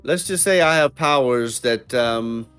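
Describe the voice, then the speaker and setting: This is a self-assured old scholar with mystic powers who answers threats calmly and cryptically, as a player puts him on. He speaks at an ordinary male pitch, with faint music in the background. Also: measured pace, clean tone, lightly acted. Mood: cryptic calm.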